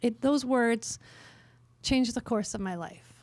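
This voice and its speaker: A middle-aged woman from northern Canada telling stories at a worship workshop, lively and self-mocking, with many fillers. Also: on the high side, takes it slowly, no room sound. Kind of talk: storytelling in a conference talk. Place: conference workshop room.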